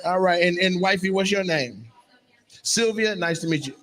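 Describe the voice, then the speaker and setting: Noisy live sound surrounds a man doing stand-up crowd work, brashly and profanely teasing audience members on a stage mic at a comedy club. He speaks at a moderate pace in a voice that sits high with a fairly bright tone.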